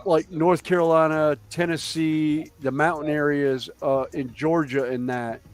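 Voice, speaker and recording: A man's voice: fairly high pitch, fairly even intonation, a little slow. Rambling American man in his fifties. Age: 50s. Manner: rambling, swears casually, laughs often. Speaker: host. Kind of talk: casual chat.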